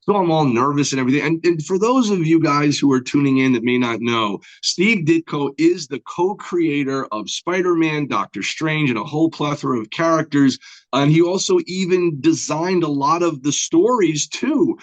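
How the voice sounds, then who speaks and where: Animated man telling a story. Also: fairly high pitch, moderate pace, low-quality recording. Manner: animated, acts out the people in his stories; rambling with many fillers and restarts. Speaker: guest comic book artist. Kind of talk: casual interview storytelling.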